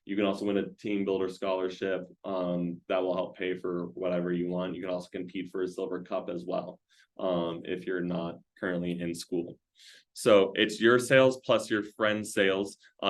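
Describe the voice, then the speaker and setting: A man's voice: low-pitched, fairly bright tone. A man giving a training talk to a sales team, firing off questions in a loose, conversational way. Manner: rapid-fire string of questions, loose and conversational.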